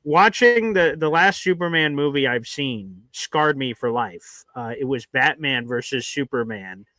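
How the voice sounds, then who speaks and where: A man co-hosting a casual sports talk show, telling stories with animated acted-out reactions. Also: mid-range voice, a little slow, dry recording. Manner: animated storyteller, acts out his own reactions. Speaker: podcast co-host.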